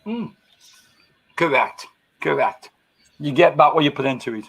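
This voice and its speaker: Gravelly, bright man chatting live. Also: a little high, unhurried, rough recording. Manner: banter with coarse slang and frequent laughs. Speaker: live stream host. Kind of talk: casual live chat.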